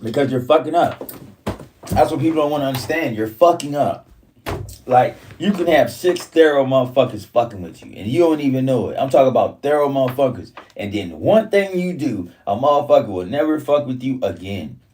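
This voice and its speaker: A man's voice: medium pitch, expressive, brisk, darkish tone, far from the mic, slight background noise. Profane ranting man, set back from the mic. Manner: profane, repetitive, heated ranting. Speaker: vlogger. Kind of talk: casual ranting monologue.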